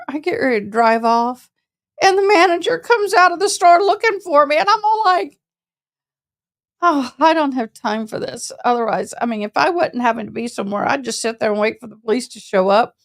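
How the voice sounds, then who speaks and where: Animated woman telling a story. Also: on the high side, normal speed. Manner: animated, colloquial, acts out other people's voices. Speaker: service dog handler. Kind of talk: casual storytelling to camera.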